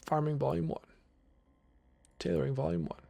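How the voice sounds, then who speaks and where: A man's voice: fairly high pitch, moderate pace, gravelly, soft background music. A man streaming a video game, chatting casually with his viewers as he picks options. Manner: relaxed, chatty, talks to chat while picking options. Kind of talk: casual game livestream commentary.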